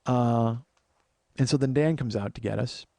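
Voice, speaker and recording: A man's voice: mid-range voice, normal speed, creaky, dark tone, no echo. Dry-voiced man telling a personal story. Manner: profane, emphatic, frequent restarts. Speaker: podcast host.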